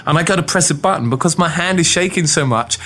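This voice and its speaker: A man's voice: a little high, fast. An English man, a game developer, telling an anecdote in an interview and acting out the voices of people in his story. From England. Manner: animated, acts out voices in his stories.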